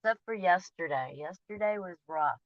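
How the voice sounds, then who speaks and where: A woman in a casual personal vlog speaks candidly about her feelings, rambling and often trailing off before restarting her thought. Her low-leaning voice is expressive at normal speed, captured in a dull, dry lo-fi recording with no echo.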